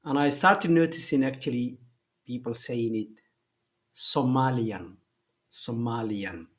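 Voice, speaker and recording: A man giving an explanatory commentary, talking deliberately, often pausing and rephrasing himself. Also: medium pitch. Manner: deliberate, rephrases and pauses with fillers.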